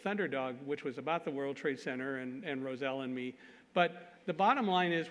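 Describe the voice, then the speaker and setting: A man speaking at a conference, telling a story with self-deprecating jokes. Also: a little high. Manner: animated, self-deprecating jokes, laughs at himself. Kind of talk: storytelling talk. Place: conference hall. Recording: long hall reverb.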